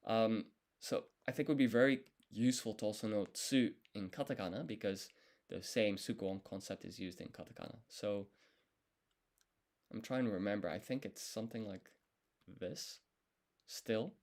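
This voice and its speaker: A man with a somewhat low voice talks through his study session on a live stream. He thinks aloud, pauses, second-guesses his answers and redoes them, all in a relaxed, casual manner.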